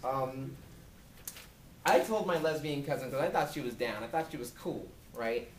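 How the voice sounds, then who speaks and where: A man answering student questions in casual talk at a university, animated and acting out quoted dialogue from his own stories. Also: medium pitch, moderate pace, slight background noise. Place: university lecture room.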